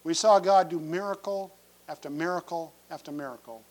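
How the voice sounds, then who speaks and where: High-voiced man preaching a folksy sermon. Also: brisk. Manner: folksy storytelling with humor; builds to loud, emphatic pleading. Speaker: pastor.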